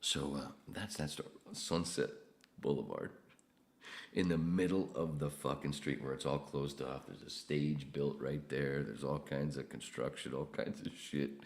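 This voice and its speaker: Very deep, gravelly-voiced man telling stories. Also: fairly even intonation, measured pace. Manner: profane, rambling storyteller. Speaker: podcast host. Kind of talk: casual storytelling.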